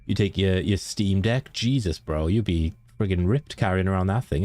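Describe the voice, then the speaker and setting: The recording is dry, and the speaker's low, darkish voice moves at a moderate pace. He's a young man from Wales casually streaming a game, chatty and quick to laugh as he answers his chat by name.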